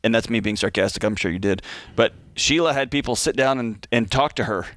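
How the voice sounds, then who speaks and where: A man's voice: mid-range voice, brisk, a bit bright, no room sound. A man co-hosting a call-in advice show, reflective and teasing, telling short stories to make his point. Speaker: radio co-host. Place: radio studio. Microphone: close studio mic.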